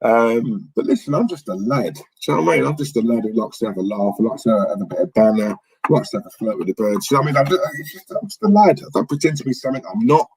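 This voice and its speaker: Animated and fast, a livestream host talks in a lowish, darkish voice with a breathy edge. He rambles bluntly and reads messages from his viewers, on a low-quality recording.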